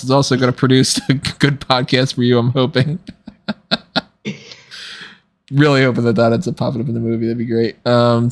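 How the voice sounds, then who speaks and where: Rambling, giggly podcast host. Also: male voice, medium pitch. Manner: rambling, laughs often. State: tired, late at night. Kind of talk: casual commentary chat.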